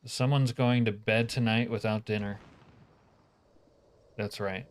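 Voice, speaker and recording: A man's voice: lowish voice, steady tone, slow pace. A man live-streaming a game, chatting casually with his viewers, profane and joking, grumbling when things go wrong.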